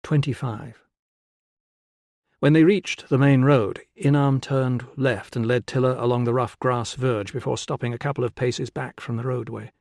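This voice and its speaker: A man reading an audiobook in a measured, even storytelling voice at a middle pitch. The studio sound is close and very dry, with no room in it. He reads steadily and keeps the story moving. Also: creaky, no echo. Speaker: audiobook narrator. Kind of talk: scripted narration.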